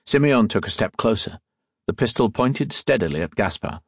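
A man narrating an audiobook in a measured, steady storytelling manner, close to the mic. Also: fairly low pitch, no echo. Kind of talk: scripted narration.

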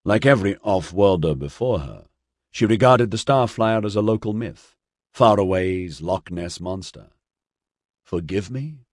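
A man narrating a novel as an audiobook in a measured, scripted reading. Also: deep voice, no echo, clean studio sound.

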